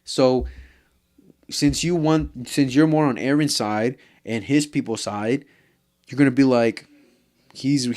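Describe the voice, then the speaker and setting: A man's voice: mid-range voice, a little mellow. Heated, profane man ranting casually. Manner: profane and heated, says "bro" constantly; rambling with many fillers and restarts. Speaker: vlogger. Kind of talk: casual anime rant.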